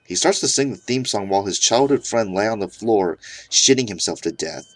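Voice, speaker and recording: A man's voice: on the low side, lively intonation, a little fast, dry recording. A man narrating an absurd comedic horror story in a mock-serious tone.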